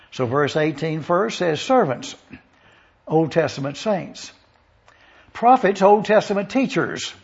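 A man's voice: high voice, a little mellow, slightly rough, highs cut off. A man preaching an expository Bible lesson, methodically listing and repeating points for review with a dry touch of sarcasm.

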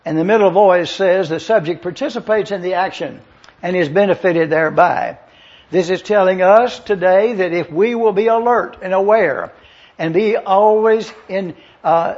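An older man preaching a teaching sermon as pastor, slowly explaining words and spelling them out letter by letter. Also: high-pitched, muffled recording. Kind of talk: expository sermon.

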